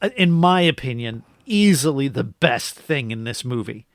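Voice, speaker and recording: A man from Florida chats through a film review with a lively, bouncing voice. He jumps in often with quick opinions. The sound is dry and close, with no room behind him. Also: medium pitch, no echo. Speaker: podcast co-host. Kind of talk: casual film review chat.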